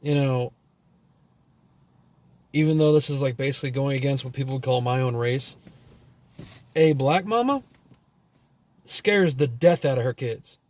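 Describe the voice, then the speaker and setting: A man's voice: medium pitch, unhurried, long pauses, a little mellow. A man telling a long story as a vlogger in a casual, profane rant that rambles and is full of "you know" and "like".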